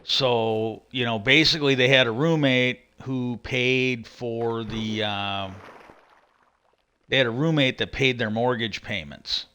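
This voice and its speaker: A man's voice: mid-range voice, slow pace, bright, forceful tone, a little hiss or hum. A man telling a long rambling story in casual chat, profane and repeating himself as he goes. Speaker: streamer.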